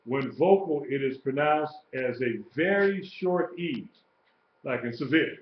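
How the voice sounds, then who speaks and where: A man lectures a class at an unhurried pace, patiently repeating each term and spelling words out letter by letter. His voice sounds dull and lo-fi, like a live stream, and carries the echo of a roomy classroom. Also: mid-range voice, expressive, slight background noise. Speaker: Hebrew teacher.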